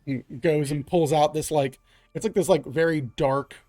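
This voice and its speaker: A man's voice: fairly high pitch, steady tone, normal speed, a little mellow, no echo. Man running a tabletop game. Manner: loose, filler-heavy narration. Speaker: game master.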